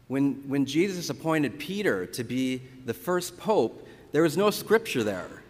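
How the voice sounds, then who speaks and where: A Catholic priest giving a conversational sermon, telling stories from the pulpit with lively retellings. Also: male voice, mid-range voice, normal speed, hardly any pauses. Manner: conversational storytelling, animated retellings. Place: church. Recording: church reverb.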